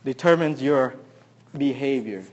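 A man preaching a sermon, who keeps asking the congregation questions and swings between loud emphasis and quiet asides. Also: medium pitch, a little slow, lo-fi sound. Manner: asks the audience many questions. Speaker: pastor.

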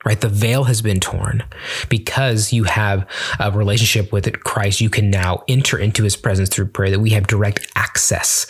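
A man's voice: on the low side, husky. A young man giving an earnest, conversational Bible teaching on prayer, with many fillers and restarts. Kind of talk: casual teaching talk on prayer.

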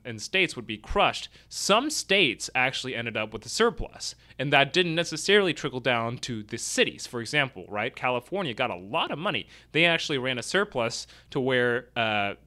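Male host, casual live-stream commentary, bright voice, self-deprecating, filler-heavy. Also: medium pitch. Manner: chatty and self-deprecating, with many fillers and restarts. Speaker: host of a weekly real estate news show.

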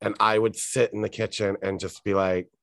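Male podcast co-host, lowish voice, dry close sound, meandering casual chat full of ums. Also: level tone, moderate pace, creaky, no echo. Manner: rambling, filler-heavy, self-correcting.

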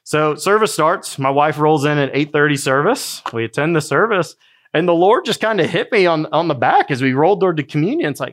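A middle-aged man, a pastor, preaching a sermon in a relaxed, storytelling way. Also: fairly high pitch, a little fast. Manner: conversational storytelling preaching, with quoted asides.

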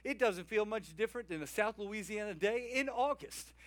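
A man's voice: high voice, animated, normal speed, no room sound. A man doing a carefree Cajun good old boy. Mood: cheerful. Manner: cheerful, unbothered.

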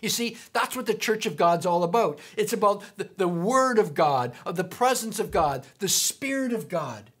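A woman preaching a sermon, emphatic, repeating key points slowly. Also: medium pitch, animated, fairly bright tone, husky.

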